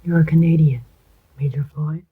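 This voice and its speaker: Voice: mid-range voice, steady tone, moderate pace, slightly rough. A reader voicing a sly, contemptuous man posing as an army major, in a whispered role-play with a faintly mocking manner. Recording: dull lo-fi recording.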